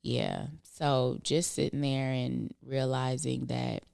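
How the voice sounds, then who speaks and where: A middle-aged woman with a low voice that carries a gravelly edge, speaking in an earnest, reflective way. She is recorded close and dry on a podcast mic, with no room sound. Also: fairly even intonation, slow pace, no echo. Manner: thoughtful, earnest, speaks softly at times. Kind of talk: reflective casual conversation.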